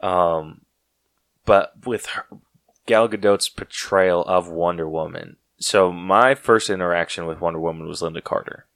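A man hosting a casual podcast chat, excitable and full of "like" fillers. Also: low voice, unhurried, no room sound. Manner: excitable, heavy use of "like" fillers. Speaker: podcast host.

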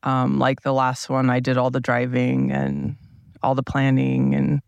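Gravelly man rambling in morning voice. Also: mid-range voice, monotone, dry recording, muffled recording. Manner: rambling, unhurried, self-questioning. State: groggy morning voice. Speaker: solo podcaster. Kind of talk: casual rambling monologue. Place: inside a parked RV, seated at a table. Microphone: small plug-in mic powered by a tablet.

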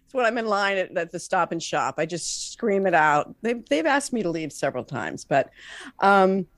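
Dry-sounding woman, lively and self-mocking. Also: lowish voice, normal speed, no echo. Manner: reflective, self-mocking, laughs often. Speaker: podcast co-host. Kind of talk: casual chat.

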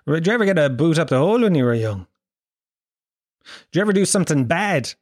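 A man's voice: on the high side, big pitch swings, fast, no room sound, studio quality. Crude Irish man telling stories. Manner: crude, rambling storytelling with acted-out voices. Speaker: comedian. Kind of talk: comedic monologue.

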